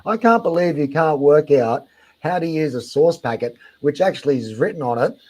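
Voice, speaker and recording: A man's voice: fairly high pitch, expressive, moderate pace, darkish tone, low-quality recording. A man with an Australian accent giving sarcastic reaction commentary on a video, mocking and exasperated, swearing freely.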